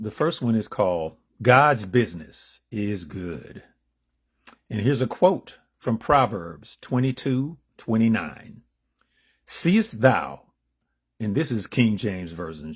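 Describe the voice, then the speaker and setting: A man casually reading daily spiritual meditations aloud, unrehearsed, lifting his voice for the passages and dropping low and quiet for loose asides in between. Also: breathy edge. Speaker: spiritual reader.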